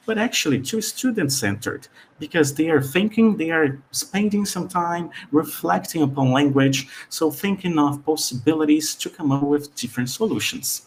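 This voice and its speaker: A man's voice: fairly high pitch, moderate pace. A man whose first language is Portuguese, presenting a live teacher-training webinar over a video call, explaining step by step with frequent "all right?" check-ins and fillers. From Brazil.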